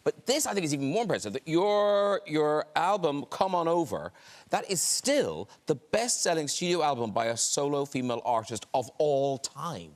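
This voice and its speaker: A man's voice: fairly high pitch, big pitch swings, normal speed. A man hosting a talk show with a playful, teasing manner. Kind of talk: casual chat. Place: studio.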